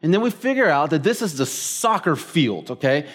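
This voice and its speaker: A pastor delivers a sermon in a relaxed, storytelling manner, scattering fillers through his talk as he builds to his point. His pitch swings widely and sits a touch high, and he speaks at normal speed.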